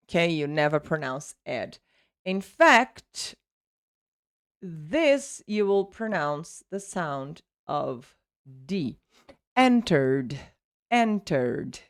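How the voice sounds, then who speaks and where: Woman, Brazilian Portuguese accent, English teacher, lowish voice, dry close sound. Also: very animated, drawn-out words, clear, resonant tone, dry recording. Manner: explanatory, repeats words for pronunciation drills. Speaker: English teacher and channel host. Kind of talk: English lesson from news.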